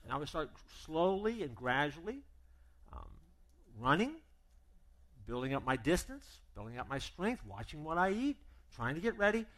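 A man preaching a sermon as pastor, humorous and emphatic, acting out both sides of imagined conversations. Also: on the high side. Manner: animated and emphatic.

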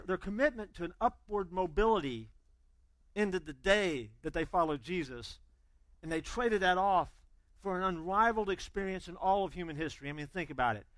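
A man preaching a sermon, telling stories with energy and acting out the quotes, then dropping to quiet intensity. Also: high voice, no echo, rough recording. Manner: animated storytelling, acting out quotes. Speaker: pastor.

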